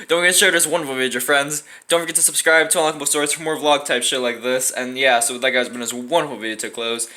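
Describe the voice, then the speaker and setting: A woman's voice: very deep voice, steady tone, racing, hardly any pauses, pushed and bright. A young adult woman hosting a storytime channel, telling a story in a casual, profane way and laughing often.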